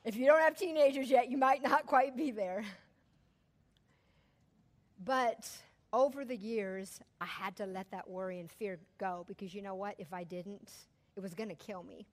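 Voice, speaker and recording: A middle-aged woman, telling a personal story to a church audience in an animated, chatty way and laughing often. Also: medium pitch, normal speed.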